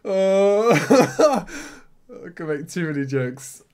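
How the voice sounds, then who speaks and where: A man's voice: sits high, slow. Joking young man reacting. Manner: joking, laughs often, lively asides. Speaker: reaction video host. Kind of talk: casual reaction commentary.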